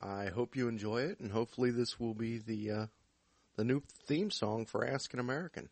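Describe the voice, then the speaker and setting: A man's voice: mid-range voice, a little fast, no echo. A man casually introducing a theme song on a podcast, with some hesitation. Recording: loud guitar music behind.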